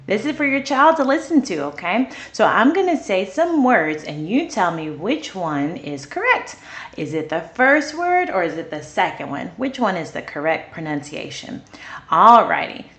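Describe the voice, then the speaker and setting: A woman leads a speech therapy practice for small children and talks to them directly. Her pitch moves a great deal, and she is warmly encouraging. She slows right down when she says practice words so that each sound is clear. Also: big pitch swings, reverberant. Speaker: early childhood educator.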